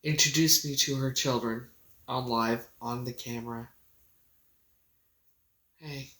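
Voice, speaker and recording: A woman speaks casually into her phone on a livestream. She is emotional and halting, and she often breaks off and starts again. Her voice rings around an echoey room. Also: a bass voice, steady tone, a bit bright. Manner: emotional, halting, with many pauses and restarts.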